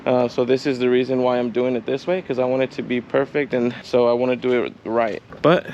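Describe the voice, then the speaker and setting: A man's voice: mid-range voice, little pitch movement, brisk, darkish tone, muffled recording, a little hiss or hum. Casual chatty man vlogging outdoors. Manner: casual, chatty, addresses viewers as "you guys". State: out of breath. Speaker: car vlogger. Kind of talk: casual vlog narration. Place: outdoors on a driveway, hot day.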